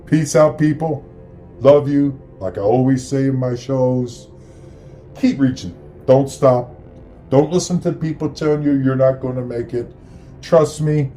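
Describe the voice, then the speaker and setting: A man's voice: medium pitch, steady tone, measured pace, mellow, faint music behind. A middle-aged man from the area, hosting a casual holiday monologue in a rambling, earnest, profane way. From Chicago area. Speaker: host.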